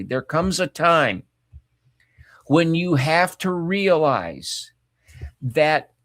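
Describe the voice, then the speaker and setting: A man's voice: a little high, a bit bright, no room sound, studio quality. A man telling a personal family story in candid spoken commentary, often repeating words as he goes. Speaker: ministry commentator.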